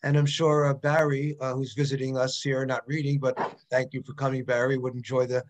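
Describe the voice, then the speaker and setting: A man's voice: mid-range voice, level tone, brisk. A man hosting a poetry evening over a video call, speaking hesitantly with friendly restarts. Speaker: poetry event host.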